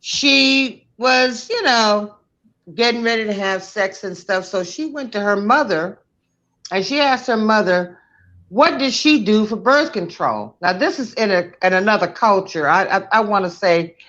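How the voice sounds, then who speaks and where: A woman co-hosting a casual chat, telling stories in an animated way and laughing often. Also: medium pitch. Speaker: co-host.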